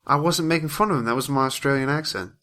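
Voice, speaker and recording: A man's voice: medium pitch, fast, pushed and bright. A man co-hosting a casual podcast, joking and playful. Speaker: podcast co-host.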